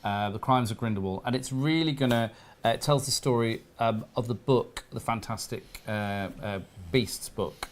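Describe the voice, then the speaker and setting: A man's voice: mid-range voice, normal speed, a little hiss or hum. A man, a studio guest, chatting enthusiastically about collectables. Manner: enthusiastic, gushing. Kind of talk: casual chat.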